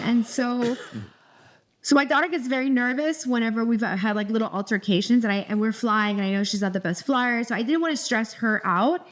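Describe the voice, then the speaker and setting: A middle-aged woman with a fairly high voice tells a story on a podcast. She rambles and restarts her sentences often, in an animated, chatty way. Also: fairly quick. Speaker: podcast co-host. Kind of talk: casual storytelling chat.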